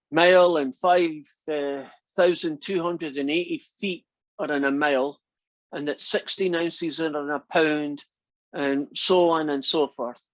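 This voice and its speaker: A man's voice: fairly high pitch, no room sound. A man teaching a math class in a chatty, teasing way, often asking the students questions. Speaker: math instructor. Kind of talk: classroom lecture. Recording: dull lo-fi lecture recording.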